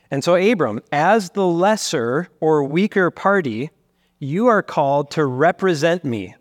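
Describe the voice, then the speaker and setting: A man's voice: on the high side, animated, measured pace, dry recording, clean studio sound. A man pastor preaching an earnest, teaching sermon, at times voicing God in the first person to make his point. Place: church sanctuary.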